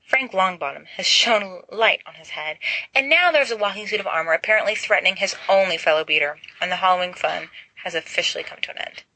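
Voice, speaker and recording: A woman narrating an audiobook in a lively way, putting on voices for each character. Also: lowish voice, fast, dry recording, rough recording. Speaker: reader.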